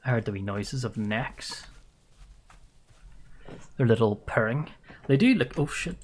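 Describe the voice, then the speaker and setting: Man, game streamer, playful, excitable, laughs a lot, very animated pitch. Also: unhurried, a little hiss or hum. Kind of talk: live gameplay commentary.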